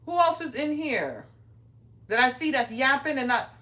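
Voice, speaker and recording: Here the craft-room host sounds high and animated, her bright voice pushed out at a moderate pace. The middle-aged woman chats loosely during her livestream, brash, profane and teasingly bossy. She's well off-mic, and the room echoes.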